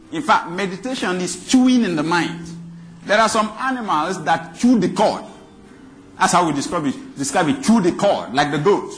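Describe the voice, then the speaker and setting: A man preaching a sermon, emphatic and repeating phrases for stress. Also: high-pitched.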